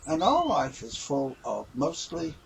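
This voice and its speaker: A man's voice: fairly high pitch, huge pitch swings, unhurried, gravelly, a little hiss or hum, poor audio. A man talking earnestly and a little ramblingly in a casual reflective vlog. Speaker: vlogger.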